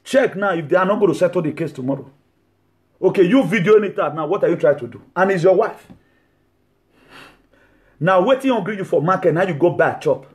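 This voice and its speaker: A man delivers a sermon in a high, bright-sounding voice. He talks animatedly and often slips into laughter between his points. He then turns to loud, scolding rebukes. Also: fairly quick, pauses often. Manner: animated, swings from laughing asides to shouted rebukes. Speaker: preacher.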